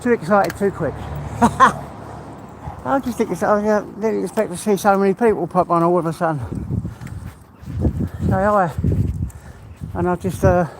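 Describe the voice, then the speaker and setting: His voice sits high and his pace is measured, broken by long pauses against a noisy backdrop. The English streamer wanders outdoors with his dog, chatting breathlessly to live viewers, frequently laughing and saying hello to people by name.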